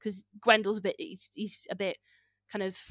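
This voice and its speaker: A woman's voice: mid-range voice, flat delivery, moderate pace, fairly bright tone, dry recording, clean studio sound. A woman telling a folk tale in a casual, chatty way, laughing and correcting herself as she goes. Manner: chatty, giggly, with fillers and self-corrections. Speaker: storyteller guest. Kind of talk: casual oral storytelling.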